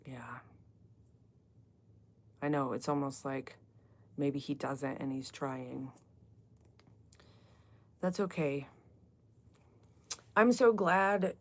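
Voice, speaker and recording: A middle-aged woman with a low voice that has a gravelly, fry-filled edge. She chats casually with her live viewers, reads out their comments and answers them, and wanders from one topic to the next as host of an online book club. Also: steady tone, slow, long pauses, a little mellow. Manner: chatty, talks straight to chat viewers, drifts between topics.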